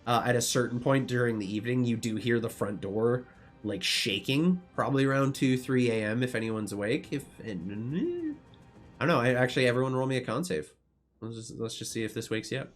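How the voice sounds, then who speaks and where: A man's voice: medium pitch, animated, fairly quick, faint music behind. A man narrating as game master of a tabletop game, laid-back and rambling, swearing casually.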